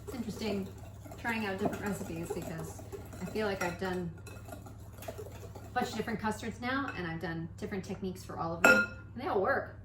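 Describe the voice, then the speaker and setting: A young woman hosts her own baking show from her home kitchen, explaining each step casually and joking at her own expense. Her voice rings in an echoey room. Construction noise carries in clearly from outside. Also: medium pitch, fairly quick. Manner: playful, self-mocking, jokey asides. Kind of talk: casual cooking tutorial.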